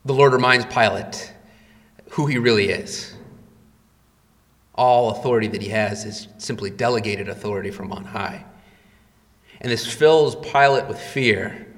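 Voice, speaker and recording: A man's voice: lowish voice, unhurried, long pauses. Dramatic male preacher in a reverberant hall. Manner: dramatic storytelling, rising loud for quoted cries. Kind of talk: sermon.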